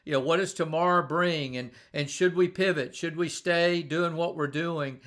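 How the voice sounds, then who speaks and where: A man's voice: fairly high pitch, steady tone, moderate pace, fairly bright tone. A middle-aged man giving a conversational live-streamed leadership talk, telling stories and often repeating and restarting words. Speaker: leadership speaker.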